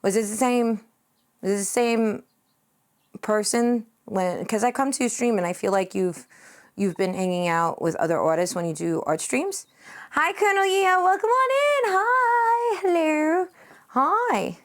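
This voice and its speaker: A woman's voice: animated, unhurried. A young woman streaming live while she paints, chatting casually with her viewers in a giggly, playful way and reading their messages aloud. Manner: giggly, playful, reads chat aloud and jumps in pitch.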